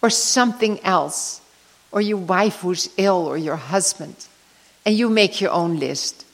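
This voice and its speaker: A woman's voice: fairly low pitch, unhurried. An older woman telling a heartfelt personal story in a sermon and leading a prayer. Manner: emotional storytelling, ending in soft prayer. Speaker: speaker giving a devotional talk. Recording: long reverb of a large hall.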